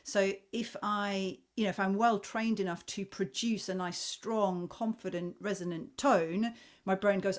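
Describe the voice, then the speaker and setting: A woman's voice: medium pitch, steady tone, unhurried. Thoughtful woman hosting an interview. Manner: thoughtful, restarts and hedges with "you know". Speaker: host, voice coach. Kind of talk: conversational interview.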